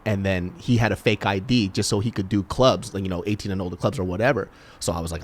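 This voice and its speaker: A man's voice: low-pitched, fast. A man from Sacramento, a comedian guest in a casual podcast chat, laughing often and swearing freely. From Sacramento, California. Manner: laughs often, animated and profane.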